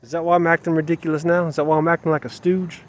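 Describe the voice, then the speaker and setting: A man's voice: fairly high pitch, level tone, rapid-fire. Man musing aloud outdoors, rambling. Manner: rambling, repeats himself, emotional self-questioning. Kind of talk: personal vlog monologue.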